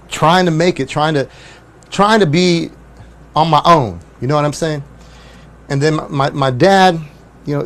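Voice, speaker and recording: A middle-aged musician talking casually and wistfully, rambling and repeating words as he reminisces. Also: medium pitch. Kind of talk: casual chat.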